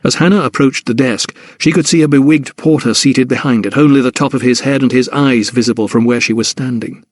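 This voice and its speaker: Male audiobook narrator, mid-pitched, measured delivery, dry booth sound. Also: no room sound. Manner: measured, even storytelling. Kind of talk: scripted narration.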